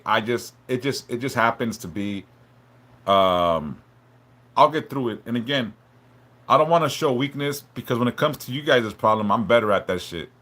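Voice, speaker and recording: A man hosting a live stream, talking haltingly and emotionally, stumbling and repeating words, swearing a lot and apologizing for opening up. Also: medium pitch, sharp tone. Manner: apologetic and openly vulnerable. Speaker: livestream host reading chat.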